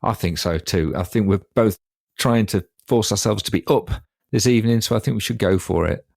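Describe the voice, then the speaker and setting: A man's voice: fairly low pitch, brisk, creaky, a little mellow, dry recording. A man, co-hosting a podcast in casual chat with a dry, wry and precise manner. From Derby, England. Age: 50s. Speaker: podcast co-host.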